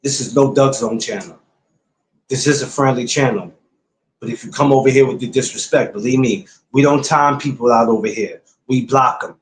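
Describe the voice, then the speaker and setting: Speaking at normal speed in a mid-range voice, this podcast host addresses his livestream viewers casually and bluntly, hammering points home lecture-style. The recording sounds roomy.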